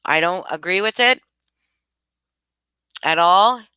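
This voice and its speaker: A woman's voice: lowish voice, slow, sharp tone, smooth, no echo. A woman talking casually to her live chat, emphatic and repeating her points with many restarts. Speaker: livestream commentator. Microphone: home streaming mic.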